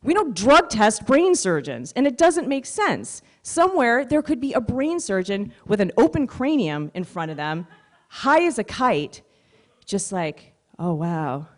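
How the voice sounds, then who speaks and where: A woman stand-up comedian telling stories on stage in a chatty, animated way. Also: fairly high pitch, a little slow. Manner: conversational, animated storytelling. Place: stage at a live comedy showcase.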